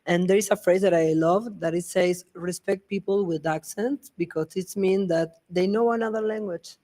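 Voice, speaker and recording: A woman with a Latin American Spanish accent, a guest on a live podcast, speaking English in a reflective, measured way. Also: fairly low pitch, dark tone, low-quality recording.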